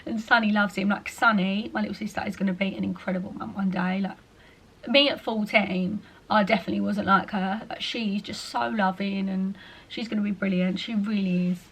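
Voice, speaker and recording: A woman's voice: medium pitch, steady tone, a little fast, creaky, slightly rough. A young woman, answering viewer questions in a casual, chatty vlog and often slipping in "like" and "you know". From England. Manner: chatty, fillers like "like" and "you know", quoted asides in other voices. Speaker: vlogger.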